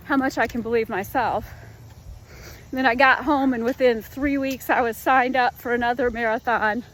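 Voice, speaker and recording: After finishing a run, a woman in her fifties who vlogs about fitness chats earnestly to her viewers, calling them y'all, in a casual, heartfelt way. Her voice is on the high side, and there's a little hiss or hum.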